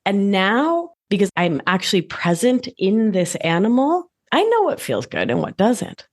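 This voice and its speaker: A woman talking as a podcast guest, animated and playful, with sudden jumps in pitch. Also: measured pace. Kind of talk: conversational interview.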